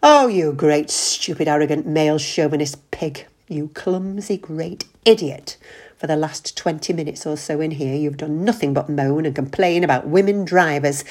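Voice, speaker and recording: A woman voicing an exasperated wife in a read-aloud story, with a husky, scolding and pleading voice. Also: sits low, exaggerated voice. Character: fed-up wife, cautious then furious.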